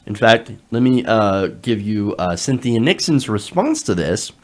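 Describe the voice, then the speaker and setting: A man's voice: fairly low pitch, very animated, measured pace. A man hosting a political commentary show, reading from an article and adding sarcastic asides, with frequent fillers.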